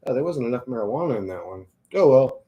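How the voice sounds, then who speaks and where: A man's voice: mid-range voice, animated, fast, lo-fi sound, a little hiss or hum. A man in his thirties rambling casually, tired and swearing freely, with frequent laughs. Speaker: vlogger. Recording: echoey room.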